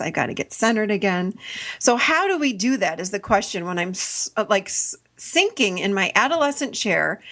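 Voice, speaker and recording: A woman's voice: mid-range voice, creaky, a bit bright. A middle-aged woman hosting a podcast, telling a story casually, laughing often and acting out her own lines. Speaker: podcast host.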